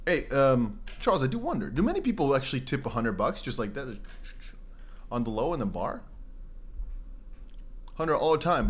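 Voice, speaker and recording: A man's voice: mid-range voice, moderate pace, pauses often. A young man hosting a livestream, chatting casually and rambling as he reads out viewer comments, often dropping into mock voices. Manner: animated, rambling, jumps into mock voices and exclamations. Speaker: crypto livestream host.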